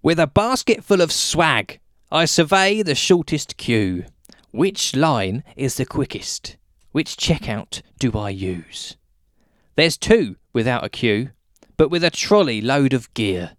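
A man's voice: mid-range voice, sing-song, takes it slowly, fairly bright tone, dry recording, studio quality. A British man hosting a podcast and reading his own comic rhyming poem in a wry, self-mocking way. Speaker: podcast host.

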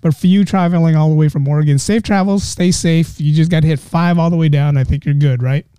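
A middle-aged man from the Bay Area hosting a casual podcast interview, effusive with thanks and quick to laugh. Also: on the high side, fairly even intonation, warm tone, clean tone, dry recording. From San Francisco Bay Area. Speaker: podcast host.

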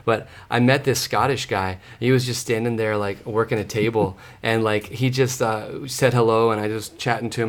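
A man's voice: on the low side, normal speed, few pauses. Laid-back American man telling stories. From United States. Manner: animated storyteller, loose and laughing. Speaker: musician guest. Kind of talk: casual podcast chat.

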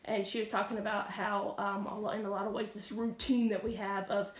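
A woman's voice: medium pitch, little pitch movement, fairly quick. A woman co-hosting a podcast, talking casually about church with fillers and restarts. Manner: rambling, many fillers and restarts. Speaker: podcast co-host. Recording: echoey room, faint noise.

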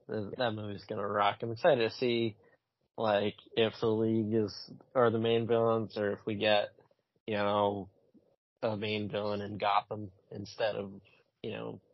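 A man co-hosting a casual podcast, speaking with a husky, breathy edge. He gets animated and blunt, swears freely and restarts his phrases. The sound is dry and a little dull, like a lo-fi home recording. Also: lowish voice, no echo. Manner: animated, swears, repeats himself. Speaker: podcast co-host. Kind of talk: casual chat.

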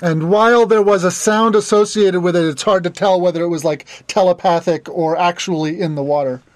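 A man with a high voice runs a tabletop game as its game master. He puts plain rules questions to the players. The sound is dry and close, with little room echo. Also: fairly even intonation, brisk.

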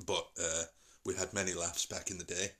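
Deep-voiced man rambling. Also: level tone, fairly bright tone. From St Helens, England. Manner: rambling, halting, with many fillers. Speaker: podcast host. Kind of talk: casual chat.

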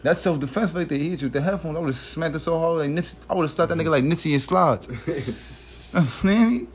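A man's voice: fairly high pitch, a little fast, a little hiss or hum. A man co-hosting a podcast, talking loosely and joking in heavy slang. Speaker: podcast co-host. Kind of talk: casual podcast banter.

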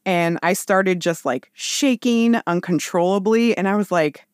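A woman's voice: medium pitch, measured pace, clear, resonant tone, no echo. Bubbly woman retelling her story, dry sound. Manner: warm, animated retelling with lively quoted voices. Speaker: podcast guest. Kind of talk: casual storytelling.

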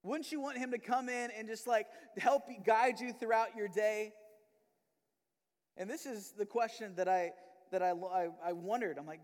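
High-voiced man preaching in a reverberant church. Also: normal speed. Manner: conversational, animated, acts out quoted prayers and voices. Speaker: pastor. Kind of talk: sermon. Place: church sanctuary.

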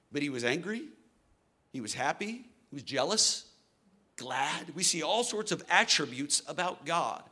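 A middle-aged man preaching a sermon to a church congregation, swinging from soft, slow lines to loud, fervent ones. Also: a little high. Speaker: pastor.

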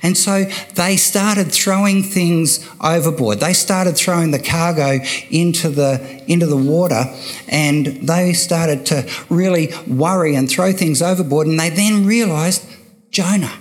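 An older man preaching a sermon, slow and emphatic, repeating key phrases for weight. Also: on the high side.

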